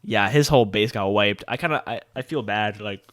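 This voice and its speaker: Laid-back young man, low dry voice. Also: fairly quick, a bit bright, no echo. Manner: rambling, heavy on filler words. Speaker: gaming vlogger. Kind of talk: casual storytime.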